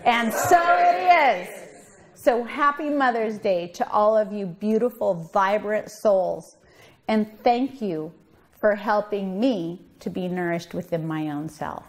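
A woman minister preaching warmly and emotionally at a Mother's Day service, calling on the congregation to respond. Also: medium pitch, a little slow. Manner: emotional, heartfelt and affirming.

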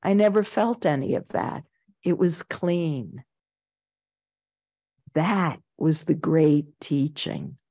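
A woman's voice: low-pitched, lively intonation, slow, pauses often, mellow. An older woman with a New York accent giving a Zen dharma talk, telling anecdotes, chuckling and acting out the voices she quotes. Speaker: Zen teacher.

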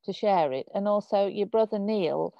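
A woman's voice: mid-range voice, moderate pace, vocal fry, no echo. A woman from Birmingham with a Birmingham accent, hosting a conversation over a video call, chatty and hesitant with many ums and restarts. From Birmingham, England. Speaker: host. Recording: dull lo-fi video call audio.

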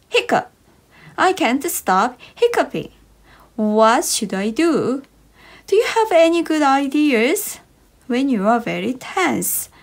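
A woman reading short English science stories for children in a slow, bouncy storybook manner. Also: high-pitched, creaky. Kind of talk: slow expressive read-aloud for kids.

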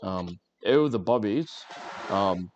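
A man's voice: lowish voice, expressive, slow pace, a little mellow, highs cut off, slight background noise. A man livestreaming while he crafts, chatting casually with viewers in a rambling, joking way with lots of fillers. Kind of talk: casual live-stream chat while crafting.

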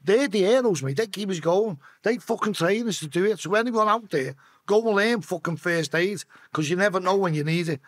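A man's voice: high voice, a little fast. A man telling an emotional story on a podcast, speaking bluntly and swearing freely. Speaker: podcast guest. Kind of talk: emotional storytelling in casual chat.

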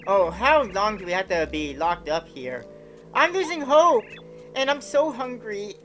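A woman's voice: mid-range voice, lively intonation, measured pace, a bit bright, soft background music, low-quality recording. A woman reading game dialogue for a group of grumbling imprisoned male bob-omb workers, complaining with dramatic outbursts. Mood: furious.

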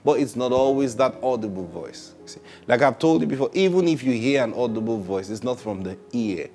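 A man preaching a sermon, laughing often and repeating praise, swinging between loud bursts and hushed, drawn-out phrases. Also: medium pitch, lively intonation, soft background music. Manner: laughs often, repeats "Praise God", asks rhetorical questions.

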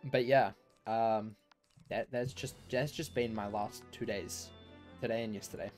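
A man's voice: on the low side, steady tone, unhurried, darkish tone, soft background music. A man who streams live, telling a long story in casual chat to his viewers, rambling with fillers and restarts.

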